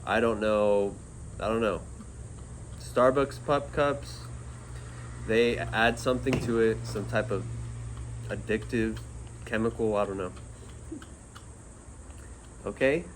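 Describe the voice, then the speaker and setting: A man's voice: lowish voice, slow pace, pauses often, slight background noise. A man vlogging casually about getting pup cups for his parrot and dog, talking playfully to his pets. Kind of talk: casual vlog chat.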